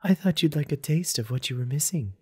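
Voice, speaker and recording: A woman's voice: sits low, expressive, fairly quick, a little mellow, slightly rough, voice pushed up. A man voicing a cold, confident young woman who teases and challenges without emotion. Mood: taunting.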